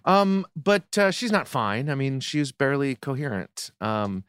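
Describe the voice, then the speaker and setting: A man co-hosting a podcast, teasing his co-host in playful, animated casual banter. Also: mid-range voice, a little slow, clear, resonant tone, no echo. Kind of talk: casual chat.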